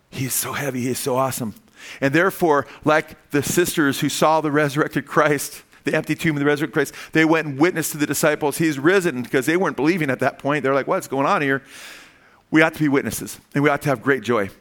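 An older male pastor preaches a sermon emphatically in a slightly bright voice. He often asks "Amen?" and his pitch rises when he pleads.

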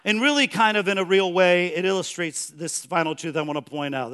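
Rousing male pastor, bright voice. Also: high voice, a little fast, hardly any pauses, clear, resonant tone. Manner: rousing, calls on the congregation to respond. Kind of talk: sermon.

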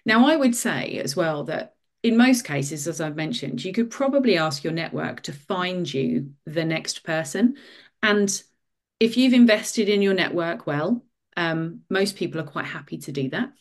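Lively lower-pitched woman giving advice. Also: unhurried. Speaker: guest, author. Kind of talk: casual interview talk.

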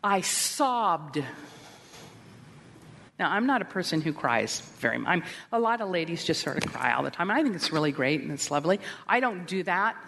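A woman's voice: on the low side, sing-song, fast talker, creaky, hardly any pauses, fairly bright tone, a little hiss or hum. A middle-aged woman giving a candid, self-deprecating talk to women, with wry asides. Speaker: Christian women's speaker. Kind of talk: conference talk. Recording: long hall reverb.

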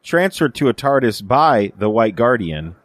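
A man's voice: medium pitch, very animated, measured pace, no room sound. Rambling male podcast co-host. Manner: rambling, many fillers and restarts, acts out quoted lines. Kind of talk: casual chat reviewing a TV episode.

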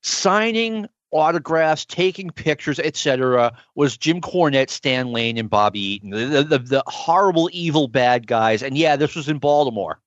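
A man's voice: on the high side, lively intonation, normal speed, hardly any pauses, no room sound. Eager man with a dry, dull sound. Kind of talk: casual chat.

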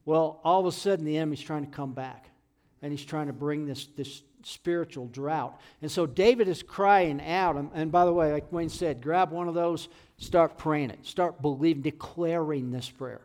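Earnest preacher man, fairly high voice. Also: normal speed. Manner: earnest, rises to loud pleading when quoting scripture. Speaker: pastor. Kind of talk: sermon.

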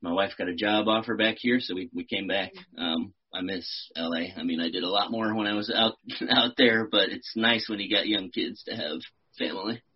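A man's voice: lowish voice, fairly even intonation, moderate pace, husky, muffled recording. A man from Texas, an actor and musician in his thirties, chatting casually on a podcast, laid-back, swearing and laughing often. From Austin, Texas.

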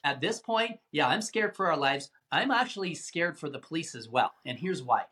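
A man telling a tense story as an interview guest, animated and given to repeating words as he talks. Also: on the high side, moderate pace. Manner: animated, acts out quoted voices, repeats words.

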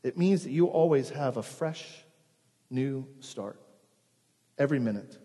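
A male pastor preaching a sermon, earnest, often dropping to a hushed, slow emphasis. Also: mid-range voice, lively intonation, breathy edge, in a large hall.

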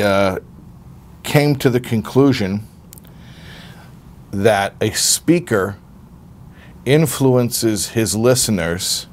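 A man teaching an informal class in a relaxed, conversational way, often repeating words as he searches for his phrasing and acting out the voices he quotes. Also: on the low side. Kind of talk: informal Torah class talk.

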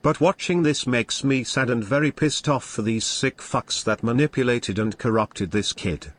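A man's voice: mid-range voice, normal speed. Blunt man swearing on stream.

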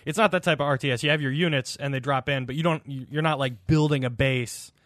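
Relaxed, rambling male podcaster. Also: mid-range voice, brisk, no room sound, studio quality. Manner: relaxed, rambling, swears casually. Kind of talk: casual podcast chat.

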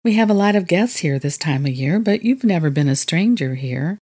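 A woman voicing a gracious, composed young woman who owns a retreat, in a low voice. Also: expressive, moderate pace, a little mellow. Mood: warm.

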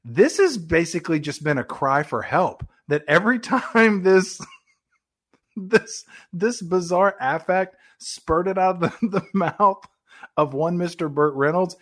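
A man's voice: high voice, expressive, measured pace. A man co-hosting a casual film review chat, joking and laughing often as he talks. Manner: jokey, laughs often while talking. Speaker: podcast co-host reviewing a film.

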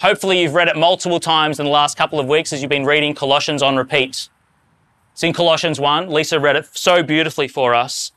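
Male pastor, higher register, bright sharp tone, dry close sound, earnest sermon delivery. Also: fairly even intonation, fast talker, no echo. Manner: earnest, rising to fervent emphasis on quotes.

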